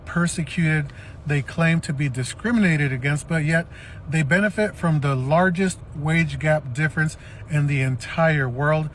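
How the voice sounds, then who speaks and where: A man speaking to the camera in a measured, disappointed tone, asking viewers for their opinions. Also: fairly high pitch, a bit bright, a little hiss or hum. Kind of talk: commentary video addressing viewers.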